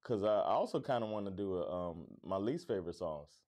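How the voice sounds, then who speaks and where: A man's voice: low-pitched, expressive, a little fast, a little mellow. A middle-aged man from Florida with a neutral American accent and a faint Florida lilt, hosting a casual livestream and chatting with viewers in an upbeat, easygoing way. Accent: neutral American, hint of Florida. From Florida, USA. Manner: upbeat, laid-back, says "man" a lot, laughs easily. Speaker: livestream host, comedy club owner. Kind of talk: casual livestream chat reading viewer comments.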